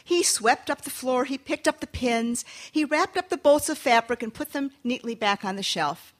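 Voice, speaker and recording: Brief: woman storyteller, animated pitch, slightly high voice, folktale for listeners. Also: moderate pace. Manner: lively, animated, inviting listeners to join.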